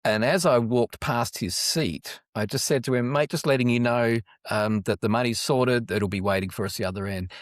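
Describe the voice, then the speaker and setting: A middle-aged Australian man telling a story casually in an interview, rambling with many restarts and getting animated when he quotes people. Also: medium pitch, moderate pace, hardly any pauses, dry recording, studio quality. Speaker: guest, anti-trafficking charity worker.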